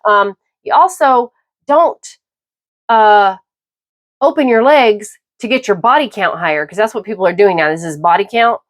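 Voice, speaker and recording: A middle-aged woman hosting her own podcast, talking through a personal, opinionated monologue in a halting, emphatic way. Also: medium pitch. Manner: emphatic, halting with repeated restarts. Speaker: podcast host.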